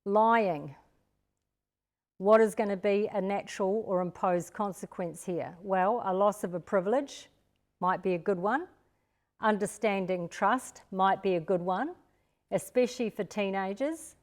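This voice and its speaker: A woman's voice: medium pitch, unhurried, darkish tone. An older woman from Australia presenting a parenting seminar, talking straight to parents and acting out what to say to children. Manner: practical, talks directly to parents and acts out what to say to children. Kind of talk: live-streamed parenting seminar talk.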